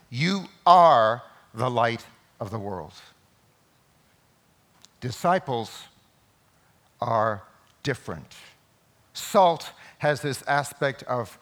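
A man preaching a Sunday sermon in a church, emphatic, with sudden loud peaks. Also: medium pitch. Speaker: pastor.

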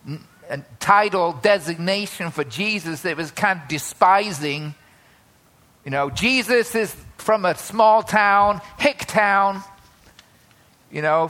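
Bright, high-voiced man preaching a sermon. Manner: conversational, with many filler asides and tag questions.

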